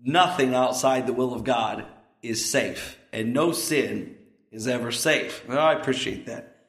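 A man's voice: medium pitch, unhurried, fairly bright tone, roomy sound. A man in his thirties, a pastor preaching a sermon in an earnest, emphatic way, with asides to the congregation.

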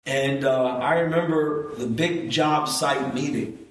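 A man preaching a sermon, telling stories in a lively way and acting out the voices he quotes. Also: medium pitch, slow pace. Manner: storytelling, animated, acts out quoted voices. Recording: echoey hall, mic at a distance.

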